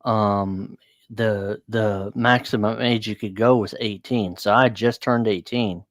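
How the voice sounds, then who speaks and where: A man's voice: fairly low pitch, fairly even intonation, takes it slowly, no echo, clean studio sound. A man hosting a casual chat, telling a long personal story in a rambling, blunt way with fillers and swearing.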